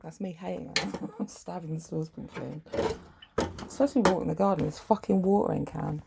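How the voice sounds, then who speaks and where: A middle-aged woman vlogging in a rambling, profane, sardonic monologue with a gravelly, husky voice. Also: fairly low pitch, a little fast, very noisy. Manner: profane, sardonic, wandering storytelling.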